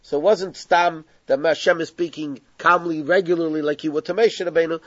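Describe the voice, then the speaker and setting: A man's voice: on the high side, fairly even intonation, a little fast, a bit bright, no echo. A man teaching a text study class, explaining the passage step by step and mixing in Hebrew terms. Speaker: Torah teacher. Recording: dull lo-fi recording.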